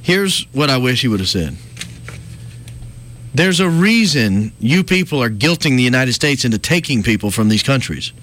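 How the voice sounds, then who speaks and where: A man's voice: medium pitch, very animated, moderate pace, a bit bright. A man hosting a morning talk radio show, sarcastic and mocking in his banter. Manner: sarcastic, mocking, puts on sing-song voices. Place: radio studio.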